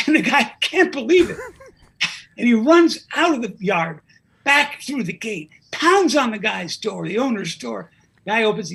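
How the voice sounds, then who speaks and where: A man's voice: very high-pitched, big pitch swings, a little slow, vocal fry, a bit bright, husky. A man guest on a talk show, a comedy writer telling a joke animatedly with character voices. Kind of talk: casual chat and joke telling.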